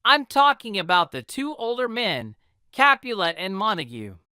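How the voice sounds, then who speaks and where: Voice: medium pitch, big pitch swings, normal speed, sharp tone, clean tone, no echo, clean studio sound, pitched above the performer's own voice. A reader voicing a stern prince who scolds the city's leaders, in a storybook reading for English learners. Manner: commanding, scolding. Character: stern commanding prince, ruler of the city.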